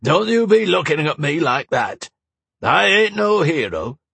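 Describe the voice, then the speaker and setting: Audiobook role: man voicing an old rustic northern soldier, folksy and plainspoken, pitched up, husky. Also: sing-song, unhurried, a bit bright, no echo, full character voice. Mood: wistful.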